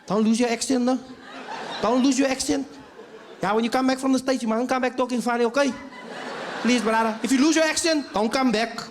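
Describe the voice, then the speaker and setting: A comedian voicing an eager South African man back home who loudly begs him to keep his accent. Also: very high-pitched, steady tone, fairly quick, pauses often, a little hiss or hum, voice pushed up. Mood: pleading. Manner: shouting, pleading, drawn out.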